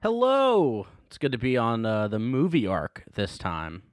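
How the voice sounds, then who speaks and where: A man's voice: fairly low pitch, expressive, normal speed, no echo, clean studio sound. A man appearing as a guest on a film review podcast, telling stories in an easygoing, chatty way.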